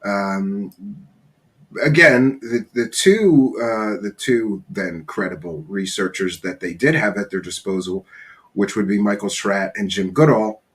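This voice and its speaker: A man with a somewhat low voice talks through a casual spoken review. He sounds a little hoarse and scratchy from a cold, and he is blunt and opinionated, stopping often with fillers as he thinks. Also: unhurried. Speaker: show host reviewing a documentary.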